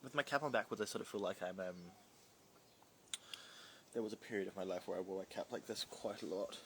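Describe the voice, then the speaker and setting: Nz guy on a phone live from home, bit of vocal fry, chatty and rambly, reads out comments. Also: lowish voice, brisk, a bit bright, a little hiss or hum. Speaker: livestream host. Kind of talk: casual live-stream chat. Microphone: phone livestream.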